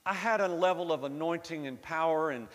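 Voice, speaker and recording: A man's voice: fairly high pitch, fairly quick, fairly bright tone, long reverb tail. A man from the American South with a slight Southern accent, preaching a sermon in a conversational storytelling way that rises to fervent emphasis. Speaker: pastor.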